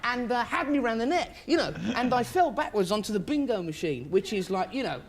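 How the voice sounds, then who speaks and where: A man's voice: very high-pitched, lively intonation, a little fast. A male comedian on a chat show, telling rambling anecdotes with laughs and acted-out voices. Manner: rambling, laughing storyteller who acts out voices. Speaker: comedian guest. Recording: noisy studio with audience. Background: audience laughter and noise.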